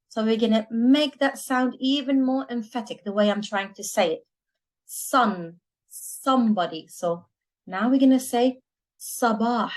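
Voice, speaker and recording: A woman from Lebanon teaches a beginner language lesson. She talks in an unhurried, deliberate way at a middle pitch. She says each word several times so learners can copy it. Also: darkish tone, rough recording. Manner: slow, deliberate, repeats words for learners to copy.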